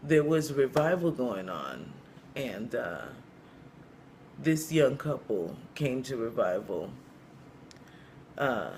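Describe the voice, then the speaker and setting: A man telling a long story joke in a casual, rambling way, with lots of you-knows and pauses. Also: mid-range voice, very animated, darkish tone, a little hiss or hum. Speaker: comedian storyteller.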